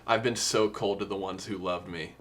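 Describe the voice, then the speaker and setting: A man's voice: deep voice, fairly even intonation, normal speed, a little hiss or hum. A young man co-hosting a podcast, talking about songs in a casual, earnest and emotional way. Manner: earnest, emotional, quotes lyrics. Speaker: podcast co-host. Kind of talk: casual music discussion.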